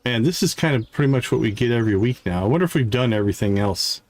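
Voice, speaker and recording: A man hosting a livestream, chatting casually with fillers and quick asides as he plays. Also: medium pitch, expressive, darkish tone. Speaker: livestream host. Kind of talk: casual game commentary. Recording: faint game music behind.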